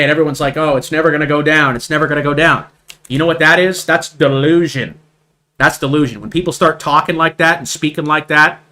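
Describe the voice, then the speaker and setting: Male stream host doing casual chart commentary, bright, forceful tone, keeps hammering the same point. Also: medium pitch. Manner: emphatic, repeats points, asks "right?" often. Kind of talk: live market commentary over charts.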